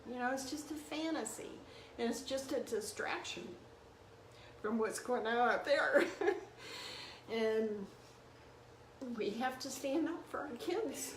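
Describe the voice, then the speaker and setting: A woman's voice: sits high, takes it slowly, long pauses. Impassioned older woman in an echoey room. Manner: earnest, emotional, rising to indignant outbursts. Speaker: registered nurse. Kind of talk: impassioned monologue to camera. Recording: echoey room with faint background hum.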